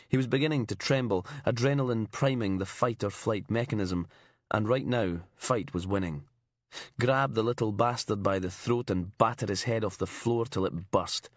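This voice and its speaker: A man narrating a crime thriller audiobook in a measured, grim storytelling manner. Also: on the low side, dry recording, studio quality. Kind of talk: scripted narration.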